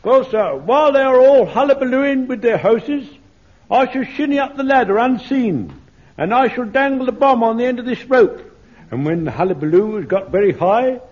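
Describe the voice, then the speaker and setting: An actor playing an excitable, rambling elderly corporal in a radio comedy. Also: male voice, very high voice. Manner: rambling, excitable, shouts in panic. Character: flustered elderly male corporal, eager and fussy. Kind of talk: radio sitcom acting. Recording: dull old radio broadcast recording.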